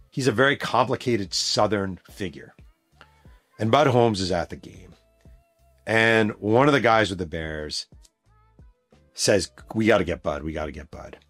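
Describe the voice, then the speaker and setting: A man's voice: on the low side, no room sound. A man hosting a podcast, telling a story in a casual, emphatic way with plenty of swearing. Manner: emphatic, profane, animated storyteller. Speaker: podcast host and author.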